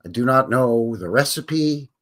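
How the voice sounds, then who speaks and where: A man's voice: medium pitch, expressive, measured pace, fairly bright tone. A man from Canada hosting a casual live stream, rambling and joking with his chat. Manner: rambling, jokey, chuckles to himself. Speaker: livestream host.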